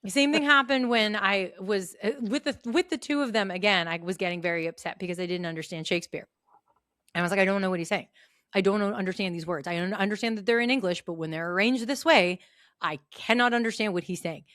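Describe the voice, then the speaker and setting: A woman's voice: fast, no room sound, studio quality. A middle-aged woman co-hosting a casual podcast, telling stories and acting out quotes. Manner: animated storyteller, acts out quotes in a high voice. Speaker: podcast co-host. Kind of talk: casual chat.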